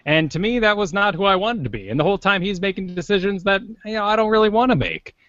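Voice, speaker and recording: Man, voice actor guest, thoughtful chat, slightly high voice, dry close dull audio. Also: lively intonation, fast, fairly bright tone, dry recording. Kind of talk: casual chat.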